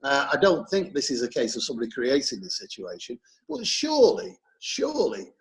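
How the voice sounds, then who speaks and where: An English man co-hosting an opinion chat, conversational, telling stories with halting restarts. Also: mid-range voice, wildly swooping pitch, rough recording. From England. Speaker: co-host.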